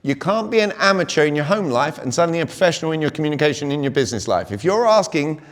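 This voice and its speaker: A British man in his forties giving an energetic live sales talk at a conference, constantly quizzing the audience. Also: on the high side, fast. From Britain. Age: 40s. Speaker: conference speaker. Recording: long reverb of a big hall.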